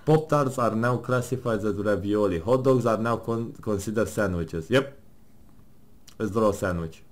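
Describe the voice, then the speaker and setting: A man's voice: lowish voice, normal speed. A man playing a game with his partner, casually joking, laughing and swearing as he reads questions and answers aloud in a mock-serious tone. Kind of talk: casual gaming commentary, reading game text aloud.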